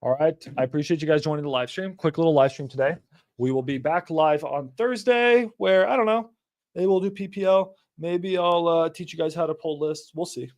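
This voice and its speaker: A man's voice: a little high, a little fast, a little mellow, dry recording. A young man hosting a casual livestream, talking bluntly and animatedly, with frequent swearing. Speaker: livestream host.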